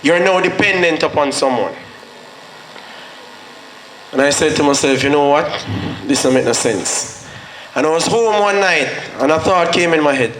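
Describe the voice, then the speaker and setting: A man's voice: fairly high pitch, moderate pace, long pauses, a bit bright. A man with a Jamaican accent gives a motivational speech at a school graduation. He tells his story earnestly and slips into patois when he quotes himself. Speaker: guest speaker at a graduation. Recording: echoey hall with faint noise.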